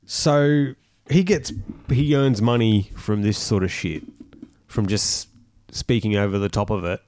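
A man's voice: fairly low pitch, a little slow, a little mellow, slight background noise. An Australian man co-hosting a podcast, in crude, profane casual banter full of laughter. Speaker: podcast co-host.

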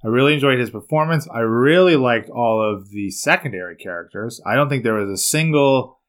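A man co-hosting a casual chat, his pitch moving in a lively way. He speaks haltingly, pausing on fillers as he hunts for the right word. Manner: hesitant, searching for words with many "uh"s. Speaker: podcast co-host.

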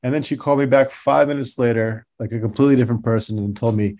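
A man as a podcast guest, telling stories in a relaxed way with laughs and fillers. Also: medium pitch, fast, few pauses. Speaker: podcast guest, toy designer. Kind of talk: casual interview.

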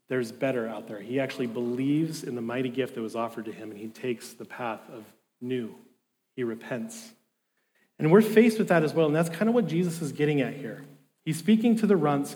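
A man with a fairly high voice preaches a sermon. He talks like a relaxed, eager pastor telling a story to his congregation. His voice rings with long reverb from a large hall. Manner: casual, enthusiastic storytelling preacher.

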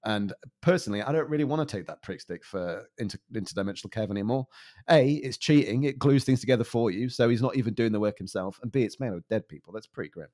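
A man's voice: fairly low pitch, fast, a little mellow. A man performing improvised comedy, exasperated and rambling, swearing often.

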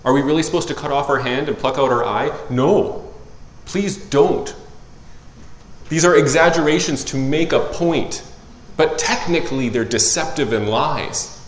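A man preaching a sermon as a pastor, animated and conversational, acting out the voices of the people he quotes. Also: a little slow, roomy sound, poor audio. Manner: animated, acts out quoted voices in a higher pitch.

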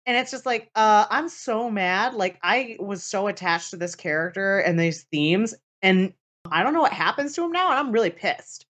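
A woman who writes novels, co-hosting a casual book podcast, blunt and swearing freely with quick asides. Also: mid-range voice, lively intonation, a bit bright. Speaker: podcast co-host, author. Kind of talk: casual chat about books.

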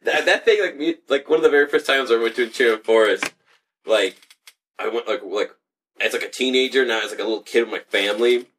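A man's voice: medium pitch, fairly quick, far from the mic, slight background noise. A young man in casual profane banter, laughing often and telling stories with lots of swearing. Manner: laughing, swearing, animated storytelling.

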